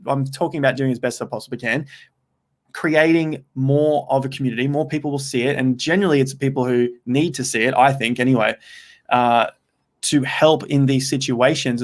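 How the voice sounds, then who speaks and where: Upbeat young guy rambling on his livestream, reading comments out loud, middle-pitched voice. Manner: chatty and rambling, with frequent restarts; upbeat, talks straight to viewers. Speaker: crypto livestream host. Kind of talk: casual livestream chat, reading out viewer comments.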